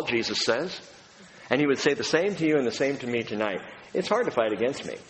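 A man's voice: mid-range voice, expressive, brisk, slight background noise. Man preaching in an echoey hall. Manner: conversational preaching with acted-out quotes. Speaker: pastor. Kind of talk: sermon. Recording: echoey hall recording with faint ambience.

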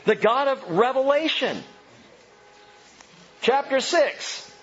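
A man preaching an Easter sermon to a church congregation, with animated delivery and acted-out voices of the people he describes. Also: extremely high pitch, takes it slowly, breathy edge, dull audio, soft background music. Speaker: pastor.

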